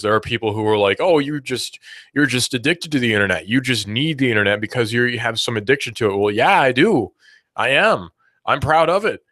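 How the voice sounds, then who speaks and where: A man's voice: on the low side, a bit bright, no room sound, studio quality. A male radio host talking in a casual, rambling way, full of sarcastic asides. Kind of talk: casual radio talk segment. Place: radio studio.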